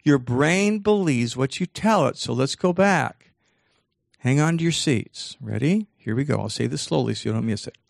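Man, 60s, motivational speaker, gravelly voice, animated, playful with the crowd, dry close sound. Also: medium pitch, normal speed, no room sound. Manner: animated, teasing the audience, acts out voices. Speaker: speaker giving a talk. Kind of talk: motivational talk to a live audience.

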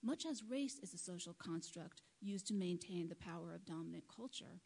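A woman giving a prepared public talk to a live audience, speaking in a measured, earnest way into a microphone. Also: on the low side, lively intonation, gravelly, dark tone, slightly rough, rough recording. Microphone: microphone at a lectern.

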